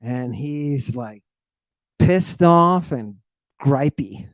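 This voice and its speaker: Slow-talking, theatrical male lecturer. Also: medium pitch, animated, no room sound. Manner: theatrical, slangy, repeats exclamations for emphasis. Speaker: host lecturing on ancient texts. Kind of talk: animated livestream lecture.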